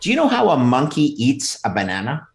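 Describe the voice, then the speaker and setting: A man chatting casually as a guest on a video call, emphatic and animated. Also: mid-range voice, a little fast, gravelly, roomy sound. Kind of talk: casual chat.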